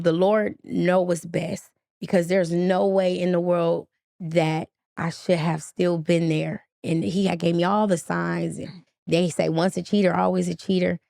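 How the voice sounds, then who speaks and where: Gravelly-voiced woman telling a painful story. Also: fairly low pitch, dry recording, studio quality. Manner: animated, acts out quoted dialogue. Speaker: podcast guest. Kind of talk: emotional personal storytelling.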